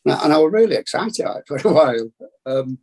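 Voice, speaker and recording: A man's voice: a little high, big pitch swings, fast, gravelly, a little mellow. A man with a Bradford Yorkshire accent, sharing his experience in an earnest, rambling, reflective way on a video call. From England. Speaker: meeting participant. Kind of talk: casual sharing.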